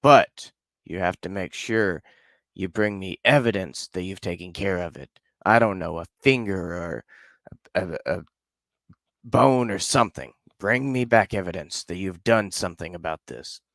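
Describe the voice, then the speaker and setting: A man voicing a drunk, enraged usurper governor, curt and commanding, close to his own low voice. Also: moderate pace, creaky, fairly bright tone, no room sound. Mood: harsh.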